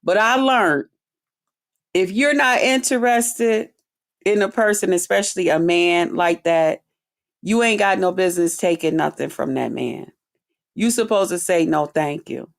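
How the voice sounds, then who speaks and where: A woman vlogger telling a personal story straight to her viewers in a blunt, profane, animated way. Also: mid-range voice, a little slow, creaky. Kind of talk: casual storytime monologue to viewers.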